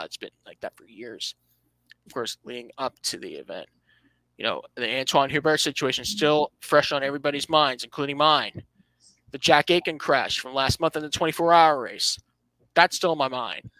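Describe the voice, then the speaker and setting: A man's voice: mid-range voice, bright, forceful tone, no room sound, rough recording. A man hosting a casual motorsport podcast, reading out standings and giving his opinions with dry sarcasm, often restarting his phrases. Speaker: podcast host.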